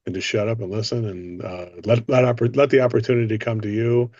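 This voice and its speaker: A man's voice: mid-range voice, steady tone, quick pace, darkish tone, no echo, highs cut off. A man hosting a sales training discussion, coaching and drawing others in with questions. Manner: coaching, asks others for their views. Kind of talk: casual group discussion.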